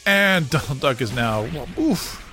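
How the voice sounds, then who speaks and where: A man hosting a podcast, retelling a cartoon scene by scene in a casual, animated way with frequent chuckles. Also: fairly high pitch, slow pace, soft background music. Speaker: podcast host.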